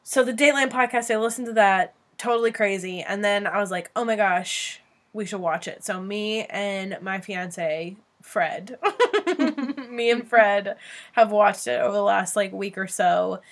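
A woman's voice: mid-range voice, measured pace. Giggly young woman podcast host. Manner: giggly, excitable, drawls filler words. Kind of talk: casual chat.

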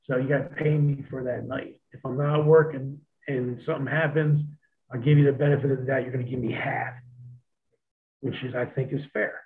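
A man swapping stories in a relaxed, profane chat, laughing easily as he goes. His voice sits at an ordinary middle pitch. The sound is thin and tinny, as if over a phone line. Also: fairly quick. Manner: laid-back, profane, laughs often. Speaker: guest telling stories. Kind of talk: casual storytelling chat.

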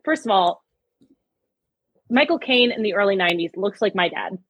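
Woman co-host, breathy and dry-miked, gushes emotionally over film scenes. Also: mid-range voice, expressive, normal speed, no room sound, low-quality recording. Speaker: podcast co-host. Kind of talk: casual chat.

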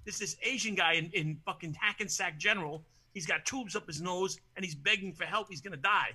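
A man in casual talk, telling his own story in an excitable, swearing way with a husky voice. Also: high-pitched, fairly quick. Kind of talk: casual chat.

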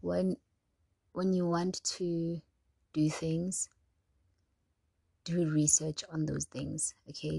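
A woman's voice: low voice, little pitch movement, takes it slowly, creaky, dark tone, husky, poor audio. A young South African woman venting in a casual, heated, profane vlog rant, switching between English and isiZulu. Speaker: vlogger.

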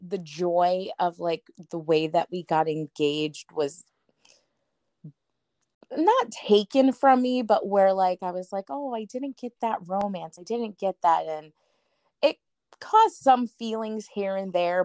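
A woman's voice: mid-range voice, no echo. Chatty woman in a dry room. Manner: animated, acts out quoted voices; frequent "like" fillers. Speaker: guest. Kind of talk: casual storytelling interview.

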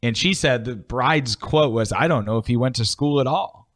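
A man's voice: medium pitch, normal speed, fairly bright tone. A man co-hosting a casual podcast, telling a story in a wry, self-mocking way. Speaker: podcast co-host.

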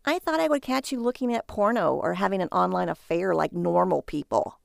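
A woman voicing an exasperated, sharp-tongued wife who scolds with sarcasm. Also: on the low side, lively intonation, brisk, gravelly, dry recording, clean studio sound. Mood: scolding.

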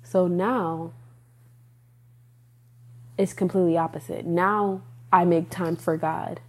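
A woman's voice: lowish voice, steady tone, slow pace, darkish tone, husky. A woman hosting a podcast, talking casually about faith in a rambling way, laughing often and correcting herself. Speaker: podcast host.

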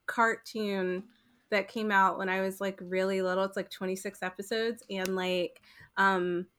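A woman's voice: medium pitch, flat delivery, measured pace, a bit bright. Chatty woman, rambling with fillers. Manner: rambling, heavy use of "like" and "um". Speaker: podcast co-host. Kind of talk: casual chat.

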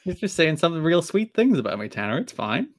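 A man's voice: on the high side, sing-song, a little fast. A man from Ireland with a light Irish accent, a podcast guest in casual chat with a dry, self-deprecating humor.

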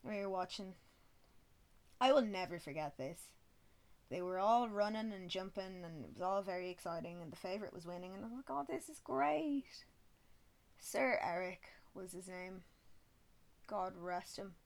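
A woman's voice: on the low side, normal speed. A woman, telling stories in a casual, self-mocking way and swearing freely. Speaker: vlogger. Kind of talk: casual storytelling.

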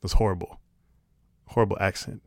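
A man's voice: deep voice, steady tone, brisk, no echo, clean studio sound. A man talking to camera in a casual comedic monologue, sarcastic and rambling, swearing casually. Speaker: vlogger.

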